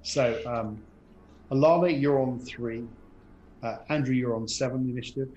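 A man's voice: mid-range voice, steady tone, a little mellow, highs cut off, slight background noise. A man running a tabletop game as game master, describing the action with frequent ums and restarts. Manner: halting, many ums and restarts. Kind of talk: narrating a tabletop horror game.

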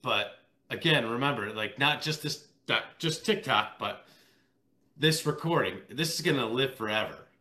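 Male host in his thirties, bright voice, easygoing and filler-heavy, casual chat. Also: medium pitch, lively intonation, moderate pace. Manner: easygoing, with frequent fillers like "you know" and "dude".

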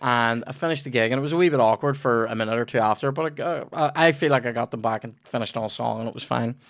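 A man's voice: medium pitch, fast talker, fairly bright tone, no room sound, clean studio sound. A young man with a Northern Irish accent, a comedian hosting a podcast, telling stories in casual chat and swearing freely. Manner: rambling storyteller, swears freely.

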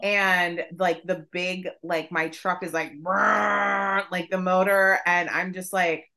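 A woman co-hosting a podcast, telling a story in casual chat, profane and animated. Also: lowish voice, slow. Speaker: podcast co-host.

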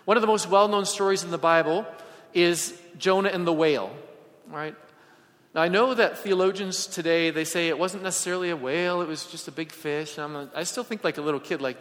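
A man preaching a sermon and telling personal stories, swinging from loud emphasis to hushed asides. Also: high voice, fairly quick. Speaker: pastor. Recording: long hall reverb.

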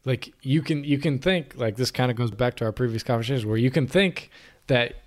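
A man's voice: medium pitch, fairly quick. A man co-hosting a podcast, talking in an earnest, reflective way about life choices. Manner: earnest, reflective, many restarts. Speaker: podcast co-host. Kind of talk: casual conversation.

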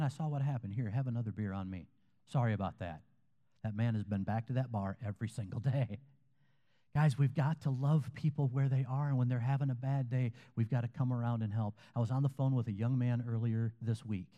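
A man's voice: mid-range voice, dark tone, long reverb tail. A man preaching a sermon as a pastor, in a conversational way, telling stories and quoting other people. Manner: conversational preaching, storytelling with quoted voices.

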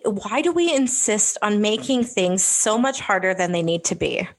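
A woman's voice: medium pitch, normal speed. A woman co-hosting a faith podcast, speaking emphatically and encouragingly with rhetorical questions. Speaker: podcast co-host.

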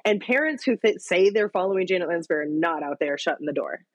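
A woman's voice: lowish voice, lively intonation, fast, a loud crowd. A woman who is a parent, a guest on a podcast, talking frankly and with animation and swearing casually. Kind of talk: candid conversation.

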